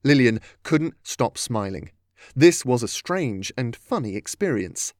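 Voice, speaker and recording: A man reading a storybook aloud as narrator, in a steady, even manner. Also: mid-range voice, unhurried, dry recording, clean studio sound.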